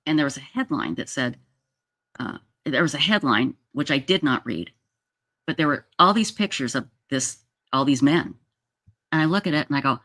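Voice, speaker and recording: A woman's voice: rumbling low, expressive, normal speed, a bit bright, dry recording, clean studio sound. A woman in her sixties from Utah, telling a long personal story on a livestream in a chatty, rambling way, full of restarts. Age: 60s. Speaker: livestream host. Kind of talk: casual storytelling. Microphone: streaming setup mic.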